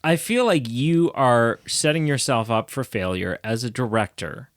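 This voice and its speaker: A man co-hosting a movie podcast, talking emphatically in quick, jokey casual banter. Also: mid-range voice, dry recording, clean studio sound. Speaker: podcast co-host. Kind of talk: casual movie review chat.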